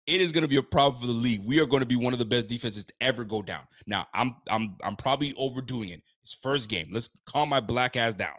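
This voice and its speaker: Male stream host, excitable football recap, dry close sound. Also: mid-range voice, fast talker, few pauses, no room sound. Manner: hyped, emphatic, joking and rhetorical. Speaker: fan channel host.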